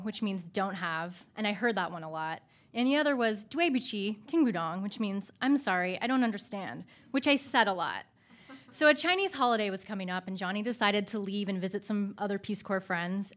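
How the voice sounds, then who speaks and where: Woman telling a self-mocking personal story. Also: medium pitch. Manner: animated, self-mocking, laughing through the funny parts.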